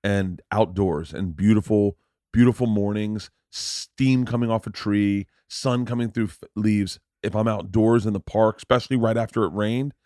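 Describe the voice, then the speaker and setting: A middle-aged man hosting a casual podcast chat, telling stories in an animated, profane way. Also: normal speed, dry recording, clean studio sound. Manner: profane, animated storyteller, rising pitch in rants. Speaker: podcast host.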